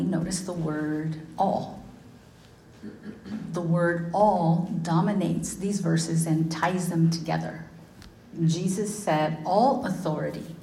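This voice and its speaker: A woman preaching a sermon, quoting scripture and commentators with slow, deliberate emphasis. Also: fairly low pitch, creaky, mellow. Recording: echoey room.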